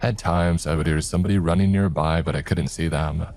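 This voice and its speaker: Very deep-voiced man narrating horror. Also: fairly even intonation, a little fast, a little mellow. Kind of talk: first-person horror narration.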